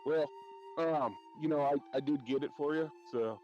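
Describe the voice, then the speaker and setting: A man's voice: on the high side, moderate pace, darkish tone, lo-fi sound, faint music behind. Casual, joking tabletop player, man.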